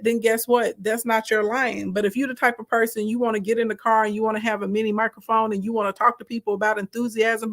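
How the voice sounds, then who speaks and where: A woman hosting a live stream, coaching viewers in a direct, emphatic, chatty way and answering their comments. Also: on the high side. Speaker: host, content coach.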